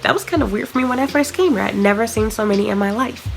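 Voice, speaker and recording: A woman's voice: a little high, fast, gravelly, faint music behind, low-quality recording. A young woman venting frankly and with exasperation in a vlog to camera. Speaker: vlogger.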